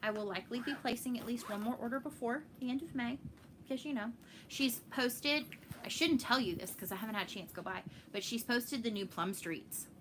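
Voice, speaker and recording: A woman's voice: on the high side, brisk, a bit bright, slight background noise. A woman from Texas with a Texan accent, chatting casually with viewers as host of a stitching show at home. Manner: chatty, laughing, answers viewer comments. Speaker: flosstube host. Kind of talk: casual live chat.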